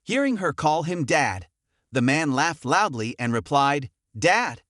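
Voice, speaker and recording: A man narrating a comic recap in a brisk, animated storytelling manner. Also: a little high, no echo, studio quality.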